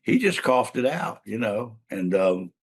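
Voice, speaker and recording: A man's voice: fairly low pitch, very animated, a little slow, husky. An older man, a trial lawyer and mediator, telling a long case story in a casual interview, rambling with fillers and restarts.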